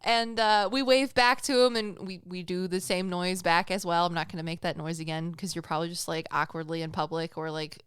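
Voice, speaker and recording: A woman's voice: fairly low pitch, level tone, a little fast, few pauses, smooth, no echo, studio quality. A woman in her thirties hosting a podcast, chatting casually and giggling as she mimics voices in her stories. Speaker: podcast host and psychic medium. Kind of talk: casual chat.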